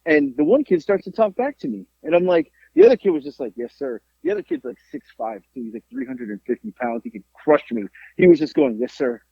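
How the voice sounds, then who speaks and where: A middle-aged man telling a story in a casual podcast chat, animated and profane. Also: fairly high pitch, fast talker, gravelly, few pauses, breathy edge, no room sound. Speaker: podcast co-host. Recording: dull lo-fi podcast audio.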